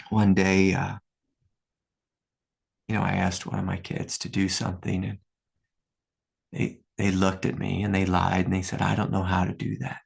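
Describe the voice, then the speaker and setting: A spiritual teacher in his fifties gives a reflective talk in a low, gravelly, slightly rough voice. He earnestly tells personal stories, with many fillers and laughs along the way.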